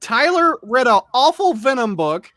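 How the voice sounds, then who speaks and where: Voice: medium pitch, very animated, unhurried, fairly bright tone. A podcast host recapping an episode in casual group chat, laughing often as they run through the list.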